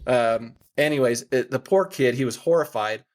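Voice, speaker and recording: An American hunting guide and outfitter in his forties, appearing as a podcast guest, tells a story in casual conversation. He is an animated storyteller who acts out the voices of the people involved, speaking mid-range at normal speed.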